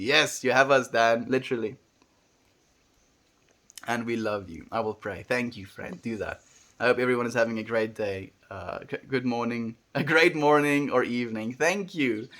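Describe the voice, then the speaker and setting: Soft-spoken, earnest young man streaming. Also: medium pitch. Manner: gentle, earnest and encouraging, softening to near-murmurs at the ends of phrases. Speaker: livestream host. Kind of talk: casual livestream chat, reading viewer comments.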